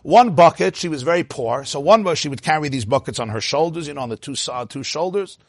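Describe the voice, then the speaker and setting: Guy preaching a story-sermon, husky-ish voice, dry close sound, drops in yiddish words. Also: on the high side, fast talker, no echo. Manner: storytelling, expressive, sprinkles Yiddish and Hebrew phrases. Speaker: rabbi.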